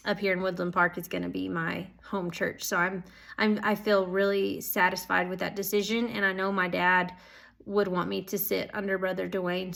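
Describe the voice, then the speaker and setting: Young woman, earnest personal vlog update, gushing and rambling, mid-pitched voice. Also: creaky, pushed and bright. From Oklahoma. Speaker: Bible school student.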